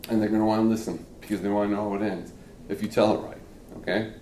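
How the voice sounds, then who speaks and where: A man's voice: lowish voice, steady tone, fast talker, dark tone. Middle-aged male teacher, casual classroom lecture, roomy echo, distant mic, faint room hum. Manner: conversational, peppered with "okay?" checks and acted-out reactions.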